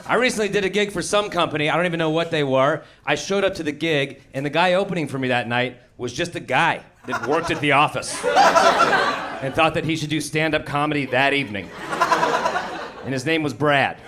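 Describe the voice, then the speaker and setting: A middle-aged male comedian tells a story in a dry, sardonic way from a comedy club stage. His voice sits a little high, and he acts out every quote. The audience noise comes through clearly on his handheld mic. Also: big pitch swings, a little fast, bright, forceful tone. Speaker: stand-up comedian. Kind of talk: stand-up comedy set. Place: comedy venue with live audience. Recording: live audience laughter behind.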